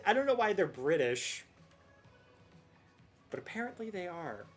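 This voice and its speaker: A young woman streaming a game, chatting casually and rambling with sudden excited outbursts. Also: on the low side, slow pace, faint music behind. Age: young adult. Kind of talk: casual gameplay commentary.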